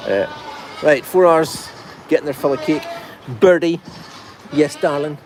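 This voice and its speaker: A man's voice: fairly high pitch, measured pace, darkish tone, a little hiss or hum. A man hosting a casual farm video, chatting and cooing affectionately at his goats in an animal pen, filmed on a phone. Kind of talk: casual talk to animals and viewers.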